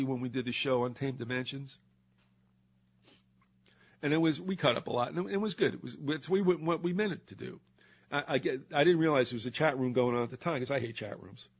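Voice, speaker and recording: An older man hosting a talk show, ranting in a sarcastic, indignant monologue with mocking asides. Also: mid-range voice. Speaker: radio talk show host. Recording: dull lo-fi recording.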